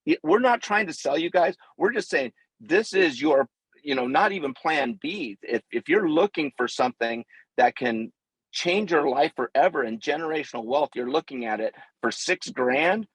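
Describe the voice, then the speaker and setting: Husky guy on a video call, all worked up, stammering, dry sound. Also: on the high side, moderate pace, no room sound, rough recording. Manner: animated, excitable, stammering restarts. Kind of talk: casual endorsement on a call.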